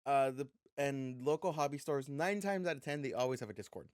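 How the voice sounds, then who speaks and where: A young man co-hosting a podcast, telling an animated, profane story in casual chat. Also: mid-range voice, fast talker, no echo, clean studio sound. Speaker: podcast co-host.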